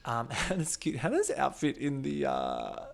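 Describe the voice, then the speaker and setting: A man's voice: mid-range voice, wildly swooping pitch, vocal fry. A man hosting a podcast, chatting casually and gossiping with a guest. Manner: gossipy, quick reactions. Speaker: podcast host. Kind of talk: casual chat recapping a reality show.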